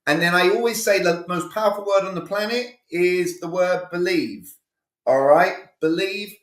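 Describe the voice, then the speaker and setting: A man's voice: high voice, moderate pace, reverberant. A male communication coach giving a live online sales training, talking energetically and with emphasis, acting out sales dialogues.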